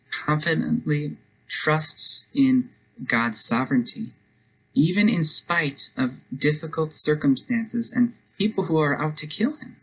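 A man's voice: on the high side, slight background noise, rough recording. A man preaching a devotional sermon, telling a story earnestly and then leading a prayer. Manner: earnest storytelling, speeds up for quoted lines.

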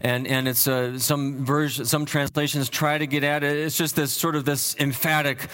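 A male pastor preaching a sermon, teaching earnestly with frequent restarts and fillers, dropping low and slow to stress key points. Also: little pitch movement, fairly bright tone. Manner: drops low and slow for emphasis.

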